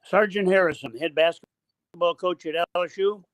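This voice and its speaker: Older male coach, high voice, dry close sound, halting storyteller. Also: no room sound. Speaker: basketball coach guest. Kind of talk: storytelling interview answer.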